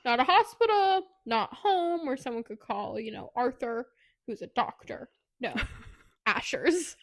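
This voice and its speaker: A woman co-hosting a podcast, retelling a book plot fast and animatedly, with swearing. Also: on the high side, expressive. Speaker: podcast co-host. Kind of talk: casual book recap.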